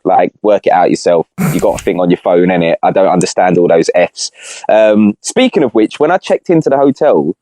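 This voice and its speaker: A man's voice: sits low, expressive, a little fast, dark tone, no room sound. A young man on a podcast, chatting casually in rambling slang with lots of restarts. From Britain. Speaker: podcast co-host. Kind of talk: casual chat.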